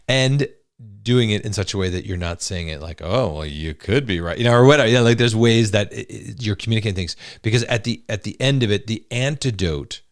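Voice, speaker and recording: Man, low voice, earnest podcast co-host, casual explaining, dry sound. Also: fast talker, no echo. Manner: earnest, explanatory, frequent restarts. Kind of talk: casual chat.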